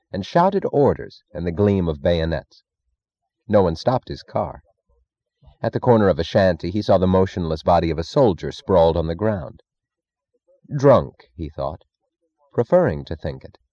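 A man narrating a novel in a measured, even storytelling manner. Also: deep voice, dry recording, dull audio. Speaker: audiobook narrator. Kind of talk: scripted narration.

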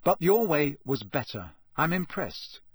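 This is a clever, bossy schoolgirl from a storybook, put on by a man reading aloud. She talks quickly and scolds lightly, set a little higher than his usual voice. The voice is slightly husky. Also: big pitch swings, dry recording, heavily acted. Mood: brisk.

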